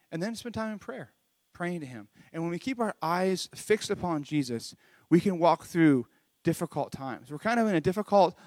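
A man's voice: high-pitched, a little mellow, no echo. A man leading a children's church lesson from home, retelling a Bible story in an earnest, conversational way with frequent restarts. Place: home recording during lockdown.

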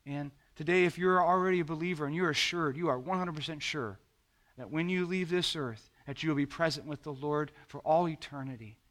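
A man preaching an earnest, gentle devotional sermon to listeners at home, with frequent fillers and restarts. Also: a little high, brisk. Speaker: pastor.

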